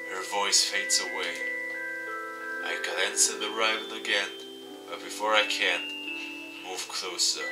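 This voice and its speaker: A man streaming a game, reading the visual novel aloud and adding animated asides. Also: on the low side. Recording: distant mic with faint music.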